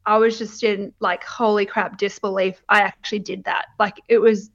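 A woman's voice: mid-range voice, level tone, moderate pace, a bit bright. A young adult woman, candidly telling her birth story in casual chat, laughing often and swearing freely. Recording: dull lo-fi sound.

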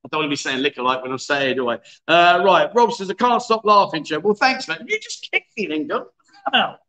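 A chatty host in his fifties, cracking jokes and laughing as he reads viewer comments aloud. His voice sits high and sounds bright and lively. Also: quick pace, reverberant. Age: 50s. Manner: jokey, laughing, chatty banter. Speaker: livestream host. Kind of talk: casual livestream chat reading viewer comments. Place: bar in a city.

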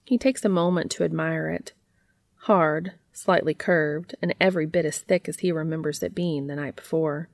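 A woman reading fan fiction aloud in a steady, intimate storytelling manner. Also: sits low, moderate pace, gravelly, no room sound.

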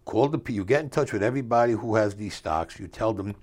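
A little mellow but quick, this older man's lowish voice carries a story he tells as an interview guest. He talks streetwise with rough grammar and acts out the voices of the people in it.

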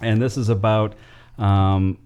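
Low-voiced chatty man co-hosting. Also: steady tone, slow pace, a little mellow, clear, resonant tone, lo-fi sound. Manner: loose and chatty, laughs easily, lots of ums. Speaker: podcast co-host presenting segments. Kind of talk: casual chat.

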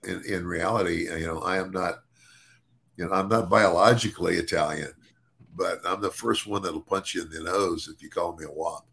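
An older man chats casually on a podcast in a low, gravelly voice. He keeps restarting and repeating words as he talks. The tone stays easygoing and conversational. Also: fairly even intonation, normal speed, fairly bright tone. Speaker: podcast co-host and former wrestler.

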